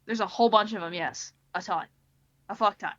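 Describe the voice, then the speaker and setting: A woman's voice: mid-range voice, a little fast, a bit bright. A woman playing her character in a tabletop game, talking earnestly and a little ramblingly as she makes her case. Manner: earnest, pleading, slightly rambling. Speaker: player. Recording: dull lo-fi mic.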